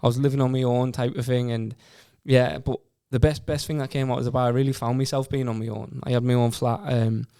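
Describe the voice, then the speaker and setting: A man's voice: medium pitch, flat delivery, a little fast, creaky, hardly any pauses, warm tone, clean tone, no echo, clean studio sound. A man in his twenties with a Teesside accent, a podcast guest telling his story casually and earnestly, often repeating words as he goes. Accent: Teesside English. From Stockton-on-Tees, England. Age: 20s.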